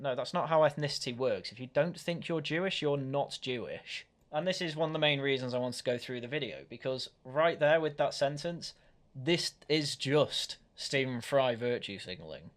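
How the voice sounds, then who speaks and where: A man's voice: on the high side, fairly bright tone. A man hosting a reaction commentary, speaking in a critical, argumentative way with frequent restarts. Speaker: commentary channel host.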